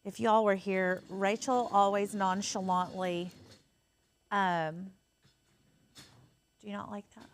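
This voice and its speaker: A woman's voice: medium pitch, steady tone, takes it slowly, long pauses, a little hiss or hum. A woman hosting a casual craft tutorial, chatty and rambling with lots of fillers. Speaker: craft host.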